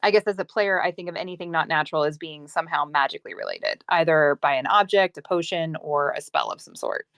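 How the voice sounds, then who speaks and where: A woman's voice: sits low, very animated, quick pace, hardly any pauses, fairly bright tone, no room sound, clean studio sound. A woman playing a tabletop game, arguing her reasoning casually with fillers. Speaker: player.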